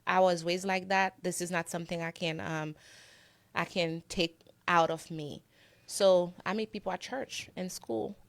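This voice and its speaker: A woman's voice: on the low side, fairly even intonation, a little slow, gravelly. A middle-aged woman from Haiti, a guest in a conversational interview, talking earnestly about her upbringing.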